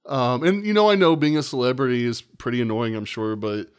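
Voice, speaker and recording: A man's voice: mid-range voice, a little fast, clear, resonant tone. A man co-hosting a podcast, telling a long, rambling, profane story in casual chat and acting out the quotes. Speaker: podcast co-host.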